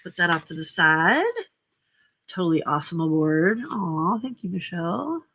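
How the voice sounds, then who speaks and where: A woman's voice: lowish voice, normal speed, a bit bright, slight background noise. A woman hosting a casual late-night crafting livestream, chatty and upbeat, greeting viewers by name. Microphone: desk microphone.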